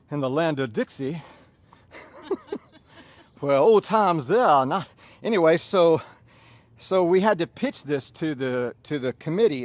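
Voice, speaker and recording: A middle-aged Southern American fitness instructor leads a workout class, barking drill-style commands between relaxed stories. His voice is on the high side, and there's no echo.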